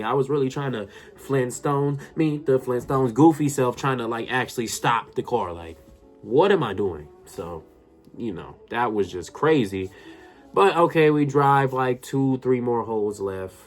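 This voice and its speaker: A man telling a personal story to his viewers in a casual, excitable way, often addressing them directly. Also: medium pitch. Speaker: storytime YouTuber.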